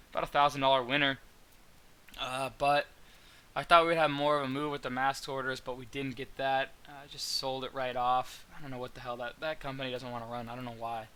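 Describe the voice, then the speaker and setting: A man's voice: medium pitch, sharp tone. A young man talking casually as a trading mentor, rambling through his trades with many fillers and restarts. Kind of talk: casual trade recap to viewers.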